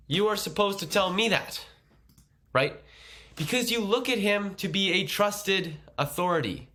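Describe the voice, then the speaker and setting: A man's voice: on the high side, bright, forceful tone. A man running a casual tutorial, chatty and explaining things step by step. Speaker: agency owner teaching a course.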